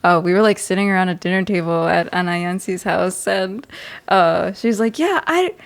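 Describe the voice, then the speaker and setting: Young woman, panel moderator, low-ish voice, animated storyteller. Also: fairly quick, gravelly, smooth. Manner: animated storyteller, acts out quotes in a high voice. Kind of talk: casual panel discussion.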